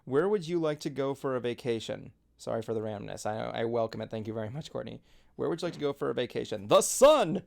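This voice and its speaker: A man's voice: mid-range voice, fast, vocal fry, darkish tone. A man hosting a casual talk show, joking and teasing his co-hosts with crude humor. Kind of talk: casual chat.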